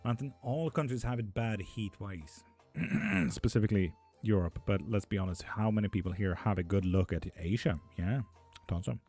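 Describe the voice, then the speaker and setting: A man's voice: fairly low pitch, normal speed, a little mellow, breathy edge, soft background music. Sweary, chatty man streaming tarot. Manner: sweary, chatty, laughing often. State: hot and sticky. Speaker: livestream tarot reader. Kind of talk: casual live-stream chat, reading comments.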